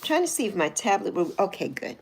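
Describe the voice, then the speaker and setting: This sixty-something livestream host speaks at medium pitch with a gravelly, husky, very animated and brisk delivery. She reads out and responds to viewer comments in a relaxed chat, teasing people good-naturedly and laughing frequently.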